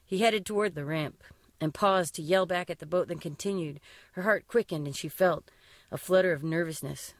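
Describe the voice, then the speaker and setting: Woman, commercial fisher, storyteller, lively delivery, dry close sound. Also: normal speed, no room sound. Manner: lively, mimics other people's voices with sharp pitch jumps. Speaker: commercial fisher and zine publisher. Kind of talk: casual storytelling and reading her own story aloud.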